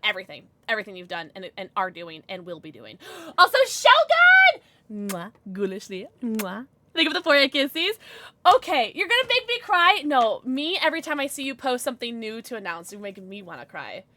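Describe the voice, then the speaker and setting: A woman's voice: on the high side, big pitch swings, fast, sharp tone. Bubbly young woman streamer. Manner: chatty, bubbly, squeals when reading chat. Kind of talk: casual live-stream chat.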